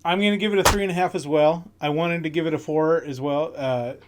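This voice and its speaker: A man's voice: fairly high pitch, fairly even intonation, quick pace, a little hiss or hum. A man co-hosting a casual movie review chat, giggly and enthusiastic. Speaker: podcast co-host.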